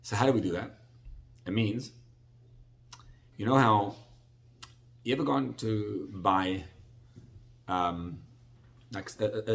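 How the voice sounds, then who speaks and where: A middle-aged man, a rabbi, giving a conversational sermon-style Torah class, often restarting his phrases and acting out little dialogues. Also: fairly low pitch. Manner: conversational, repetitive restarts, acts out salesman dialogue.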